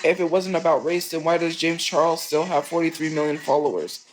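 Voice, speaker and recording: A woman's voice: deep voice, level tone, brisk, soft background music, low-quality recording. A woman streamer talking in a rambling, emotional, confessional way. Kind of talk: casual rambling stream talk.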